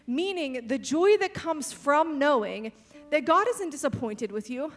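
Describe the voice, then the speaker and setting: A young woman delivers a relaxed, conversational sermon in a slightly high voice. She keeps turning to the audience with quick asides and says "like" constantly. Soft music sits faintly underneath. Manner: chatty, peppered with "like", animated asides to the audience. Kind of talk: casual sermon.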